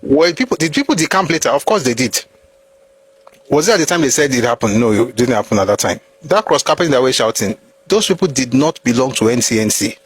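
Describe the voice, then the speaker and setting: A man with a Nigerian accent giving animated, opinionated commentary on history, full of rhetorical questions and bits of pidgin. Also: mid-range voice, fast talker, husky.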